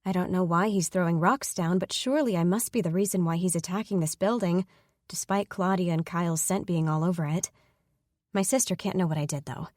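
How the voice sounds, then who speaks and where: A woman narrating a first-person fantasy romance audiobook in a steady, even storytelling manner on a close mic. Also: lowish voice, a little fast, dry recording.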